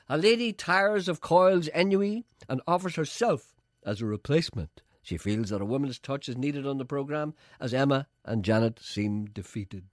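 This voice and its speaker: A man riffs on a radio show with sardonic, rambling, mock-grand flair. His low voice swoops through a wide range, and the studio sound is dry and close. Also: expressive, moderate pace, no echo. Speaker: radio presenter. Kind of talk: comic radio monologue and banter.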